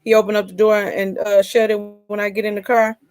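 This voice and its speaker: A woman in her fifties hosting a relaxed live chat, her voice in a middling register and sounding close and dry. She tells colloquial stories in a chatty way and often breaks into laughter. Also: mid-range voice, a little fast, dry recording. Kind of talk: casual live-stream chat.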